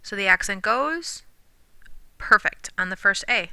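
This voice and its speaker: A woman teacher explains grammar patiently, slowing down to sound out example words. Her voice is very bright and smooth, and the recording is dry and close with no room sound. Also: mid-range voice, lively intonation, no room sound. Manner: clear, patient explaining with slow modeled pronunciations; drops to a whisper when counting syllables. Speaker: Spanish teacher. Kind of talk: recorded classroom lesson.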